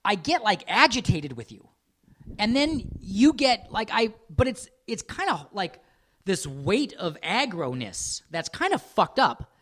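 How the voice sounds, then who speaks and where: A man co-hosting a casual podcast, his pitch swinging up and down through long, rambling stretches of talk. He swears freely, mocks himself, and keeps dropping into quick put-on voices. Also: a bit bright. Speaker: podcast co-host. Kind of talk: casual chat.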